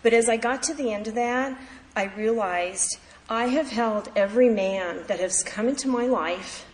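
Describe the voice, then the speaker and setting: A woman's voice: fairly high pitch, normal speed. A woman sharing her recovery story at a meeting, talking casually with many fillers and restarts. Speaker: AA meeting speaker. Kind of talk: personal recovery talk. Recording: echoey hall, faint ambience.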